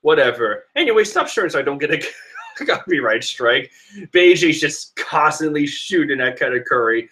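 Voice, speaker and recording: A man's voice: mid-range voice, lively intonation, normal speed, bright, forceful tone. A man casually reading through a comic chapter aloud, joking and sarcastic with frequent laughs. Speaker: manga reader commentator.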